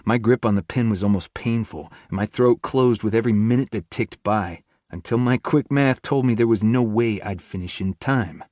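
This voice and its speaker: Low-voiced man narrating an audiobook. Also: normal speed, few pauses, a little mellow, no room sound. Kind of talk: first-person audiobook narration.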